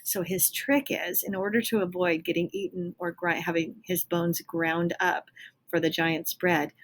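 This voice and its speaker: A woman teacher reading a story aloud to children, calmly stopping to explain things. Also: fairly low pitch, unhurried. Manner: calm, stops to explain to children.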